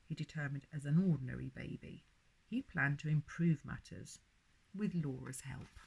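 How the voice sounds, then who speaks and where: A woman reading a children's book aloud as a bedtime story, expressive and soft. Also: low-pitched, creaky, slightly rough.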